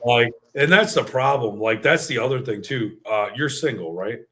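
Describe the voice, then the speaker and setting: Profane, animated New man. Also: medium pitch, moderate pace, heavy background noise. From New York. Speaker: podcast host. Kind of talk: casual chat.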